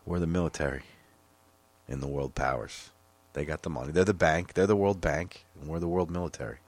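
A man's voice: extremely low pitch, a little fast. A man co-hosting a casual podcast, swearing freely and laughing often as he banters. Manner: laughing often, profane, lively. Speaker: podcast co-host.

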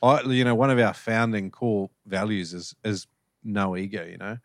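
A fairly low-voiced man in easygoing conversation, pausing often and filling gaps with "um" and "you know". His voice sits close and dry on the mic with no room sound. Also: dry recording. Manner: relaxed, hesitant, many fillers. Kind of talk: casual conversation.

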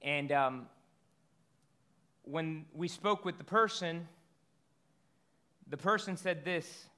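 A pastor gives a sermon in a high, bright voice, speaking conversationally. He throws out rhetorical questions and stumbles into quick restarts while working through his point.

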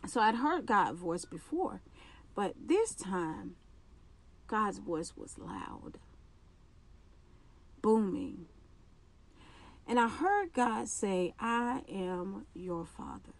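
A woman shares a personal faith testimony on her own podcast. She talks slowly and earnestly, pausing, restarting sentences and repeating phrases. Her pitch sits in a middle range. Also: sing-song, vocal fry. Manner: earnest, halting, with restarts and repetitions. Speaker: podcast host.

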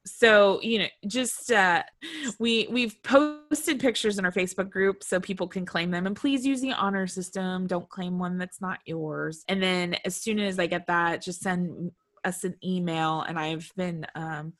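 A woman's voice: lowish voice, measured pace, fairly bright tone. A woman co-hosting a podcast in casual, giggly chat, with many fillers. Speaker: podcast co-host.

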